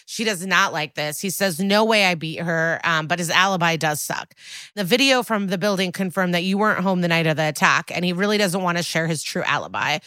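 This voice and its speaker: A woman co-hosting a podcast, casually recapping a TV episode and quoting characters in lively bursts. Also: fairly low pitch, fairly quick, no room sound, clean studio sound. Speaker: podcast co-host.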